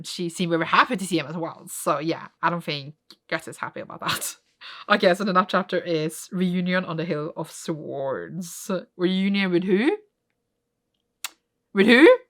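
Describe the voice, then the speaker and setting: Bright-voiced, excitable woman vlogger. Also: on the low side. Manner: excitable, swings from soft muttering to squealing gasps. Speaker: vlogger reading a manga. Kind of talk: casual reaction vlog.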